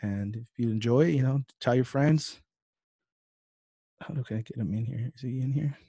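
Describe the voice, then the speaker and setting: A young man hosting a podcast over a video call, chatting casually and acting out quotes in a louder voice. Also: medium pitch, normal speed, breathy edge, no room sound. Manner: animated, acts out quotes in a raised voice. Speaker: podcast host. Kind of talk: casual interview chat.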